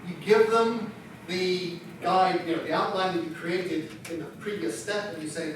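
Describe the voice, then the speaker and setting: Here a man with a high voice speaks at a moderate pace and fairly even intonation, giving an instructional workshop talk on book writing. He's a publisher, chatty and self-deprecating. The audio is noisy, captured far off in an echoey room.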